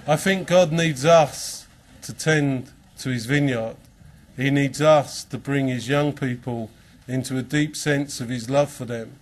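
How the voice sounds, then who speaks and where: A man's voice: mid-range voice, measured pace, slight background noise. A man from England addresses a conference crowd. He tells a story about a farmer and two priests, then moves into earnest, preaching-style encouragement. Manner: storytelling with quoted voices. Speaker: Christian speaker. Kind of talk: conference talk.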